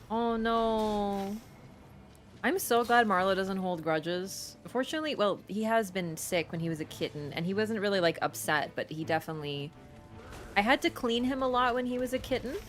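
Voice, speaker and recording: A woman streamer chatting casually while she plays, rambling with lots of fillers and quick laughs. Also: medium pitch. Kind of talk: casual live-stream chat while gaming.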